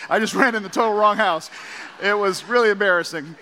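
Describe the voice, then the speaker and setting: A middle-aged man, a pastor, preaching a sermon and telling stories with animated asides in a church auditorium. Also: high-pitched, fast. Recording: long hall reverb.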